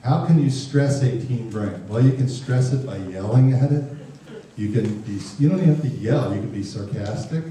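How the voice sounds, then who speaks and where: Male speaker, parenting talk, jokey, does quick voices, dark tone, far mic in echoey hall. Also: mid-range voice, a little hiss or hum. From Ireland. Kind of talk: humorous lecture to parents.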